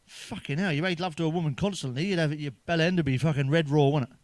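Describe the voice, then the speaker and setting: A man's voice: on the high side, steady tone, quick pace, no room sound. A man telling crude stand-up jokes in a chatty, swearing manner, ending with tag questions. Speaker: stand-up comedian.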